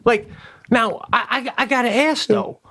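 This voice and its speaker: A man's voice: very high-pitched, a little slow, sharp tone. A man co-hosting a comedy podcast, riffing and building absurd jokey bits. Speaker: co-host.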